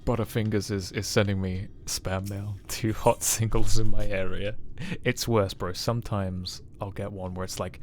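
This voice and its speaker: A man's voice: lowish voice, flat delivery, moderate pace, few pauses, a little hiss or hum. A man in his twenties streaming a game, chatting casually and joking with his chat in a self-mocking way. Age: 20s. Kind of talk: casual live-stream chat while playing.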